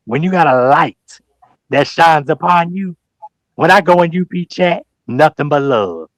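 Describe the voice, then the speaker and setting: A man with a somewhat high voice preaches and calls people out on a livestream, hammering home each point with repetition. He acts out other people's words in mocking asides, and his voice sounds close and dry, with no room echo. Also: a little slow. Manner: emphatic, preachy, addresses people directly and repeats phrases; slangy, animated storytelling with mock quotes. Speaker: guest on a livestream talk show. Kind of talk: heated livestream call-out talk.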